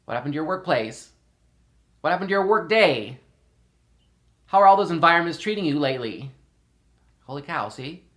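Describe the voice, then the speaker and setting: A man's voice: on the high side, lively intonation, moderate pace, long pauses, a bit bright. A man talking casually and rambling at home, repeating himself and laughing often. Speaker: podcast host. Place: indoors in a house.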